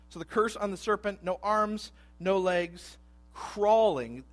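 A man in his thirties preaching a sermon, animated and conversational, dropping to hushed asides and rising to loud emphasis. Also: sits high, slow pace. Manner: animated, acts out voices in quotes, swings between hushed asides and loud emphasis. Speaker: pastor.

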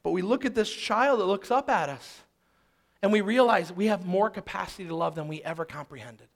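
A man's voice: sits high, a little fast, vocal fry. A man in his thirties telling a personal story in a sermon, emphatic and fond of repeating phrases for rhythm.

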